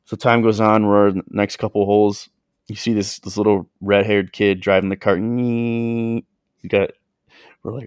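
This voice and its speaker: Deep-voiced young guy rambling thru a golf story on a podcast, dry close sound. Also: level tone, normal speed, a little mellow, smooth, no echo. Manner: rambling, lots of "like" fillers, acts out quotes. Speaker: podcast co-host. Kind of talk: casual storytelling chat.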